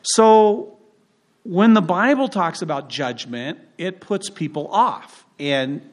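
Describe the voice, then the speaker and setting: A man's voice: sits high, animated, slow. Man preaching in a chatty storytelling way. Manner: conversational, humorous storytelling. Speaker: pastor. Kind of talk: sermon with personal stories. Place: church.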